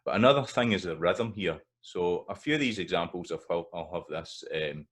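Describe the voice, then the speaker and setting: A Scottish man explaining pronunciation in a video lesson, pausing with fillers and repeating example words slowly. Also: sits low, lively intonation, fairly bright tone. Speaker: language teacher.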